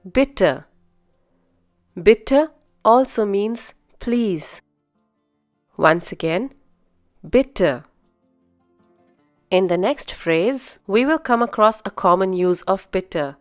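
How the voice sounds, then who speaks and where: A woman teaching a beginner language lesson, speaking slowly and carefully and repeating each phrase. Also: mid-range voice, clear, resonant tone. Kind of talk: scripted language lesson narration.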